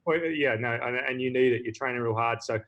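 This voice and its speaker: A man's voice: medium pitch, brisk, a bit bright, highs cut off. A man hosting a casual video-call interview, upbeat and chatty, often restarting his sentences. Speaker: host.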